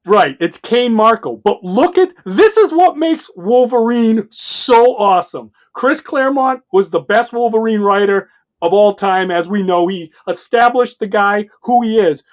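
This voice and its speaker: Excited man retelling comic panels, lo-fi. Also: high-pitched. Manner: excited, retells panels and acts out the dialogue in quick bits. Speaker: podcast co-host. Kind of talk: casual comic book chat.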